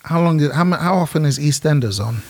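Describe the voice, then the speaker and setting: A middle-aged pastor co-hosting a casual radio chat, amused, stammering through restarts. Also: male voice, a little high, expressive, fast talker, vocal fry. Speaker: pastor and host.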